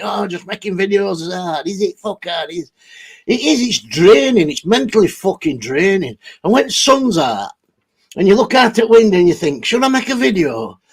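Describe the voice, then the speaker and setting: A man hosting a casual livestream, reading out viewer comments in a rambling, blunt way full of swearing. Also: sits high. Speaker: livestream host.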